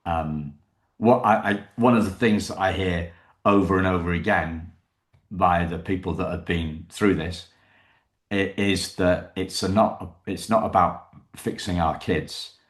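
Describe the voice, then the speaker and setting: A man hosting an interview, asking halting questions with frequent restarts. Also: low-pitched, steady tone, reverberant. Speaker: podcast host.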